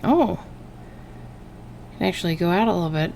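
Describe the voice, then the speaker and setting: A woman's voice: fairly low pitch, expressive, moderate pace, vocal fry, dark tone, a little hiss or hum. A woman streamer chatting playfully and thinking aloud while she plays through a game and reads its dialogue. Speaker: gaming streamer.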